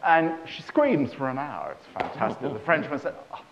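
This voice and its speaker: Droll, animated man telling jokes. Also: medium pitch, moderate pace, background noise. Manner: droll, animated joke delivery. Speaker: guest storyteller. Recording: dull lo-fi stage recording.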